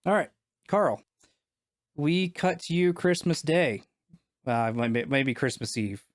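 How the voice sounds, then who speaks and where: A man's voice: on the high side, animated, slow, dry recording, clean studio sound. A man narrating as game master of a tabletop game, casual with many fillers.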